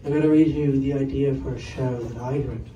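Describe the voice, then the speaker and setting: A man's voice: medium pitch, fairly even intonation, a little fast, warm tone, dull audio. A man doing a stand-up set on a comedy club stage, chatting wryly with the crowd between jokes. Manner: rambling, wry, chatty with the audience. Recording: roomy live club sound from far off. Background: audience laughter.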